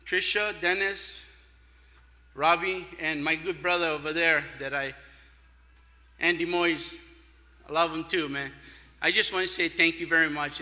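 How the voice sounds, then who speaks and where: A man from Hawaii giving an earnest, halting tribute speech with many fillers. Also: fairly high pitch, sharp tone. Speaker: award speaker. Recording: long reverb of a large hall.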